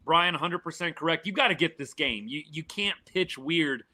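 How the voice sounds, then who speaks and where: Man, live sports reaction host, exasperated, forceful tone, slightly high voice. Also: moderate pace. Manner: fired-up, exasperated, repeats points. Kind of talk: live reaction sports talk, answering chat.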